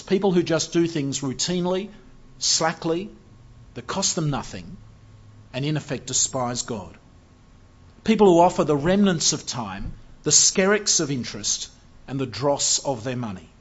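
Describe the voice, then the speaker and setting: A man preaching a sermon, earnest and measured, building to emphatic rises. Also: a little high. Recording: dull lo-fi sound.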